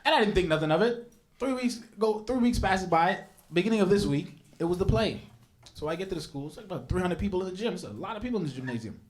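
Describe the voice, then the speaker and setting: A man's voice: high-pitched, fast talker. A young man doing a stand-up comedy set on stage, telling stories animatedly and bantering with the crowd. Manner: animated storytelling with big voice jumps for quoted people. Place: comedy stage before a live audience.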